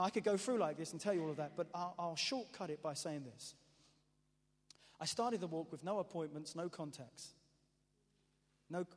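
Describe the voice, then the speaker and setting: A man preaching a testimony as an animated, self-mocking storyteller, often restarting his sentences. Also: a little high. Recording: echoey hall reverb.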